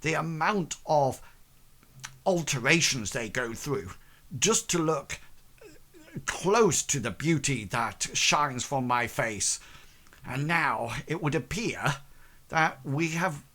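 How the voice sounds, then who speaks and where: A man's voice: on the high side, expressive, slow, bright, forceful tone, exaggerated voice. A man playing a vain, haughty guild mistress. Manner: pompous, cold, scolding.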